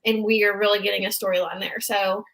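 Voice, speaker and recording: Young woman co-host, bright and excitable, casual recap chat. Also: medium pitch, fast talker, low-quality recording. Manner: excitable, animated, chatty. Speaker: podcast co-host.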